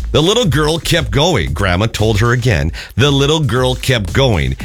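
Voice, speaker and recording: A man's voice: medium pitch, a bit bright. A man co-hosting a radio morning show, chatting casually and reading a listener's email aloud with plenty of emphasis.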